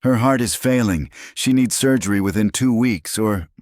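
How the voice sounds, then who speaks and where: A man's voice: lowish voice, moderate pace, darkish tone, dry recording, clean studio sound, pitched above the performer's own voice, lightly acted. A man voicing a desperate, heartbroken young mother who cries out in anguish, in a storytelling narration. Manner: tearful, raises her voice in anguish.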